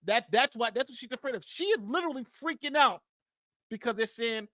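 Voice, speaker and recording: A man hosting a livestream, giving rapid, mocking play-by-play on a meeting. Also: very high voice, expressive, pushed and bright, dry recording. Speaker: livestream host. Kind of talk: live commentary.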